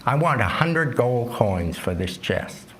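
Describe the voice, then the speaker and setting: A man's voice: medium pitch, very animated, unhurried, a bit bright, slight background noise. A man voicing a big, cunning woodcutter who feigns innocence in a told folk tale. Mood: sly. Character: big strong cunning woodcutter, cheerful and sly.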